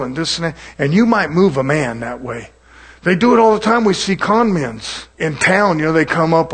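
A man delivers a sermon in a somewhat raised, husky voice. He speaks earnestly and conversationally to his congregation, stacking repeated phrases and rhetorical questions to drive his points home. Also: on the high side, expressive, normal speed, fairly bright tone. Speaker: preacher.

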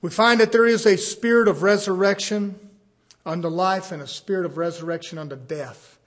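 A man preaching a sermon in a folksy way, swinging from hushed asides to loud, fervent surges. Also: sits high, fairly even intonation, moderate pace. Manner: folksy, uses "ain't".

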